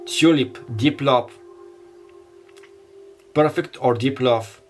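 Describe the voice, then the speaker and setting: Speaking slowly in a mid-range voice, a Bulgarian-native tarot reader offers a pick-a-card reading with faint music in the background. He rambles sincerely and often gropes for the right words.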